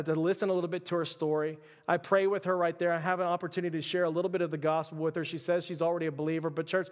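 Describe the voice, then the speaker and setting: A young man preaches with a rapid, high-pitched delivery, sliding into loose, chatty storytelling full of "like." His voice carries a long reverb from a church hall. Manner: casual storytelling with frequent "like". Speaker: pastor. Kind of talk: sermon.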